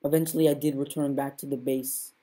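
A woman's voice: very deep voice, little pitch movement, a little fast, mellow. A woman narrating a homemade first-person story in a subdued way, repeating phrases as she goes.

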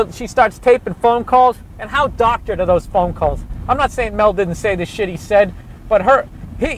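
A man doing comedy as he walks a city street outdoors, ranting loudly and sarcastically and swearing constantly. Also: high voice. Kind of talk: profane ranting walking tour.

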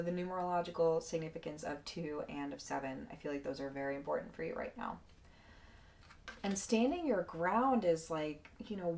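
A woman's voice: fairly low pitch, gravelly, a little mellow. A woman giving a casual, emotional tarot card reading to her viewers, effusive and swearing freely.

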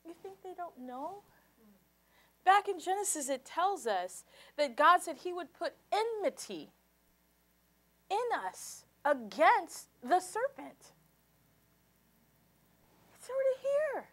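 A woman pastor preaching a sermon with passion, moving from soft, low passages to loud, high exclamations and leading the congregation in call and response. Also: very animated, takes it slowly, pauses often.

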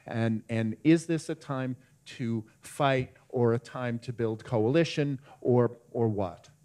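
A man's voice: mid-range voice, slow pace, dark tone. Hesitant male panel moderator. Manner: hesitant, many restarts. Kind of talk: panel discussion. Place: festival screening venue.

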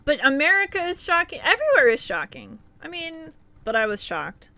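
Brief: bright, bubbly female streamer, giggly and chatty, dry close sound. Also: high voice, very animated, normal speed, no room sound. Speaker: game streamer. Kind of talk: casual live-stream chat with viewers.

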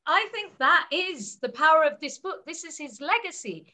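A woman with a high, bright voice, speaking at a book launch. She tells her stories and explains ideas one step at a time, as a co-author presenting her book. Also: lively intonation, normal speed, few pauses.

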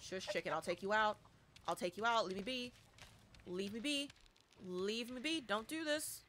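A young woman streaming a horror game live, commenting excitedly and shouting repeated cheers and trash talk at her teammates. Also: medium pitch, normal speed, slight background noise.

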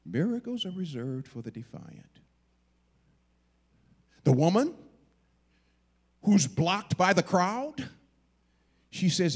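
A man's voice: sits high, big pitch swings, slow pace, pauses often, a little mellow, slightly rough. A middle-aged man preaching a sermon with dramatic storytelling, acting out the voices of the figures and dropping suddenly to a whisper. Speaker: guest preacher.

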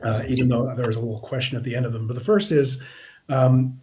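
A man's voice: mid-range voice, level tone, quick pace, mellow, slight background noise. A man moderating a live online author session, speaking informally with frequent restarts as he introduces himself and asks questions.

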